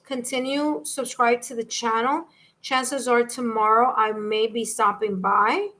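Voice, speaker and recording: A woman's voice: a little high, steady tone, unhurried, bright, forceful tone. A woman with a New York accent giving a chatty, reassuring live-stream tarot reading and calling on viewers by name. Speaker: tarot reader.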